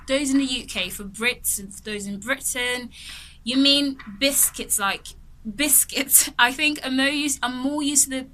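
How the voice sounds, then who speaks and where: A woman's voice: fairly high pitch, sharp tone. A young woman teaching English pronunciation in a casual online lesson, chatty and often laughing as she explains. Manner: chatty, laughs often, repeats and restarts phrases.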